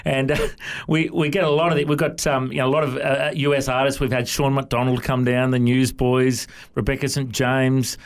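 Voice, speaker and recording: A man's voice: medium pitch, little pitch movement, normal speed, clean tone. A man with an Australian accent hosting a live radio interview, chatty and friendly, often tagging "hey?" onto his questions. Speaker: radio host.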